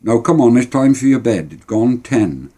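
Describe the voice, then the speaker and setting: A man voicing a kindly mother who gently scolds her son in a brisk way. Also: mid-range voice, expressive, pitched above the performer's own voice, close to an everyday voice. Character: kindly working-class mother.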